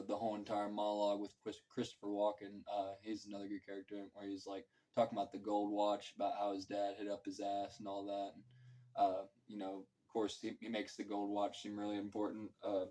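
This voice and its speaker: A man's voice: lowish voice, monotone, a little fast, a little mellow, low-quality recording. A man giving a casual, rambling film review, full of fillers and loose, profane talk. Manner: filler-heavy, loose and profane, acts out quotes. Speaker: movie reviewer.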